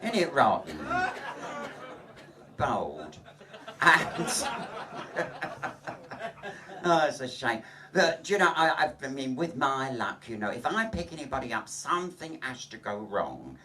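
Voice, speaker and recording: A man's voice: medium pitch, huge pitch swings, a little slow, far from the mic, background noise. A man doing bawdy stand-up in a small pub. He tells chatty, gossipy stories, acts out the voices and laughs at his own punchlines. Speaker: drag comedian. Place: small pub, live show.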